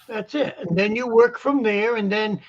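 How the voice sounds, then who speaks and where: Joking Boston-accented man, high voice. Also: normal speed, lo-fi sound. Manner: joking, animated storyteller. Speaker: guest vendor. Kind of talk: casual chat. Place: lives in Florida.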